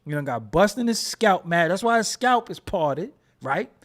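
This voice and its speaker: A man's voice: high-pitched, lively intonation, normal speed, a bit bright. A man hosting a casual commentary show, joking and riffing in slangy with frequent laughs. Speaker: host.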